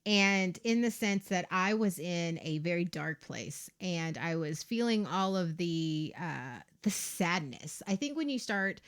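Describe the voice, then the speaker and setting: A woman's voice: fairly low pitch, lively intonation, measured pace, few pauses, clear, resonant tone. A woman hosting her own livestream, talking candidly, laughing often and swearing freely. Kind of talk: casual livestream chat.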